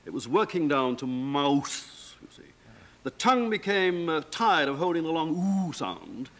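A man's voice: a little high, sing-song, unhurried, a bit bright. A middle-aged man, a talk show guest, explaining old pronunciations in a professorial way. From England. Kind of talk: lively explanatory chat.

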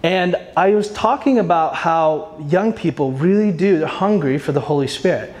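Male youth ministry leader, higher register, easygoing conference-talk delivery, playful storyteller who acts out the quotes. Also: moderate pace, darkish tone. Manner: chatty storyteller, acts out quoted voices, frequent "like"; self-deprecating humor. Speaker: youth ministry director speaking at a workshop. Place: live conference workshop.

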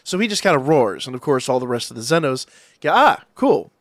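A man casually recapping an anime episode, rambling excitedly and acting out the characters' lines as he goes. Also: medium pitch, fast talker, no room sound, clean studio sound. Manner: excited, rambling retelling with acted-out quotes. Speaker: anime reviewer.

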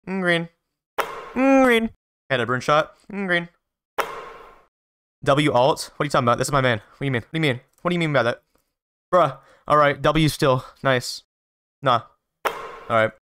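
A man's voice: a little high, dry recording. Playful trash-talking young man gaming. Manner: playful trash-talking, quick excited outbursts. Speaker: gaming video creator. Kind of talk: casual gameplay commentary.

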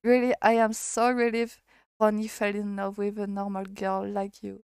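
A woman's voice: medium pitch, monotone, moderate pace, smooth, no echo, clean studio sound, natural voice. A French woman voicing an emotional, tearful vampire woman in a game, in a plain reading voice.

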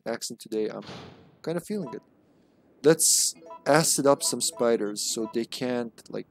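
A man live-streaming a horror game with loose, casual commentary. He jokes, swears freely and slips into playful voices, at a middling pitch. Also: moderate pace, darkish tone, soft background music. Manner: jokey, profane, playful voices.

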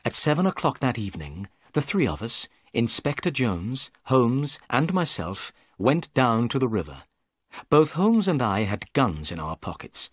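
A man reads a story aloud in clear, scripted narration, with his pitch rising and falling in a lively way. The sound is dry and close, with no room behind it. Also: unhurried, no echo.

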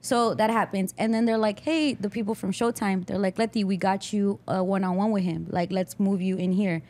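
A woman's voice: mid-range voice, fairly even intonation, a little fast, a little mellow. A young woman hosting a podcast, telling a story in casual chat and acting out the people she quotes. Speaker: podcast host.

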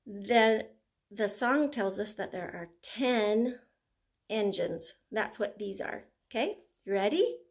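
An older woman, a grandmother, leading a toddler through finger plays and songs, talking gently and breaking into simple tunes. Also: medium pitch, lively intonation, takes it slowly. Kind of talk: gentle children's sing-along lesson.

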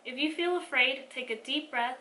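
A woman voicing a calm father who gently reassures his son. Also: high-pitched, normal speed, far from the mic, noisy background, natural voice. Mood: reassuring.

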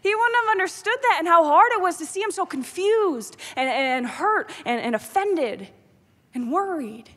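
High-voiced woman giving a devotional talk. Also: animated, normal speed. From New York. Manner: emotional storytelling, swinging from loud pleading to hushed whispers. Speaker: public speaker. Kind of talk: devotional address. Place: large theater. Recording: long hall reverb.

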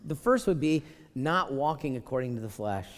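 A man preaching a conversational sermon as pastor, animated and emphatic, talking straight to the congregation. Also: mid-range voice, normal speed. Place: church sanctuary. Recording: long reverb of a church sanctuary.

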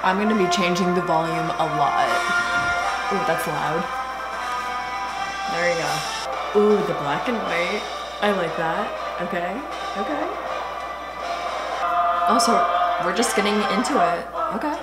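Excitable woman reacting in an echoey room. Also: on the low side, unhurried, long pauses. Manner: excitable and chatty. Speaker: reaction video host. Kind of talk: casual reaction vlog. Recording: echoey room with music behind.

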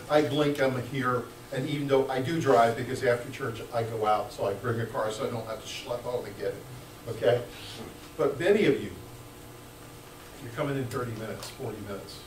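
Man, pastor, sermon, joking, loud bursts and hushed asides, echoey hall, faint background noise. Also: medium pitch. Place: church sanctuary. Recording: echoey church room, mic at a distance.

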